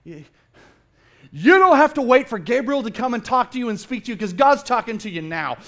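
A middle-aged man preaching a sermon in a church, playful and animated, acting out the people he quotes. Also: very high voice, brisk, gravelly. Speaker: pastor. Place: church sanctuary.

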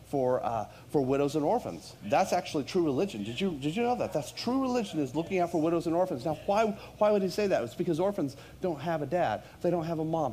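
A man preaching to his congregation in church, his voice pitched high for a man. He talks conversationally, then climbs to loud, emphatic peaks on the key lines. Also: slight background noise. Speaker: pastor. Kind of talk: sermon.

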